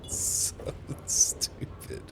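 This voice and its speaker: A gameplay streamer sounds tired as he talks through his game very slowly, with a noisy background behind him. He's laid-back and sleepy, swears casually and laughs easily.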